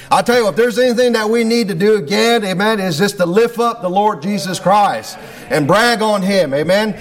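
A man preaches and prays aloud. His voice sits high. He keeps a fervent, repetitive cadence. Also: fairly quick. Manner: fervent, repetitive preaching cadence, fillers of "amen" and "Lord God". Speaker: pastor. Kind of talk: sermon with spoken prayer.

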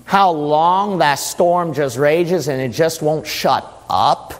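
A man delivers a sermon with slow, dramatic pacing, letting low phrases stretch out. His voice sits a little high for a man. A long reverb trails behind his words.

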